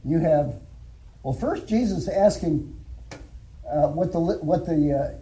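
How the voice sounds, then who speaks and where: An older man shares his church testimony in a folksy, storytelling manner, chuckling now and then. His voice sits high for a man and sounds very dark and mellow in tone. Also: a little slow, poor audio. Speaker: former alcohol counselor giving testimony.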